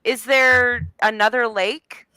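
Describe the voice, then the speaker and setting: A woman's voice: a little high, steady tone, bright, forceful tone, clear, resonant tone, no room sound. A woman co-hosting a fan podcast, chatting casually and taking her time to find her words. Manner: unhurried, searching for words. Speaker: podcast co-host.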